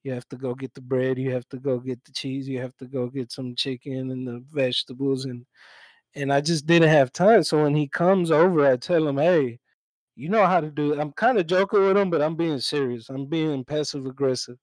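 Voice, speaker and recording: A young man co-hosting a podcast, telling a story in a casual, relaxed way, swearing freely and acting out both sides of the exchange. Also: medium pitch, fairly quick, no echo, poor audio. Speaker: podcast co-host. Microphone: own mic, remote call.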